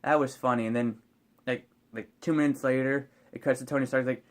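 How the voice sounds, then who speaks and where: Man, casual movie review vlog, rambling, hesitant, lots of fillers, medium pitch. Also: steady tone, brisk.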